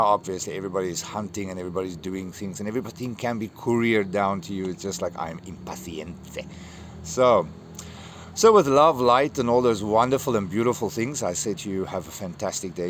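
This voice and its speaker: A man's voice: low voice, a little hiss or hum. A man talking casually to camera in a vlog, emotional and rambling, and swearing now and then. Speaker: vlogger.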